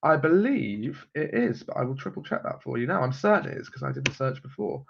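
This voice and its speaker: A man's voice: medium pitch, lively intonation, fairly quick, vocal fry, slightly rough. A man hosting a live stream, chatting casually through viewer comments with frequent ums and chuckles. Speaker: host of a live genealogy stream. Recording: slightly muffled lo-fi audio.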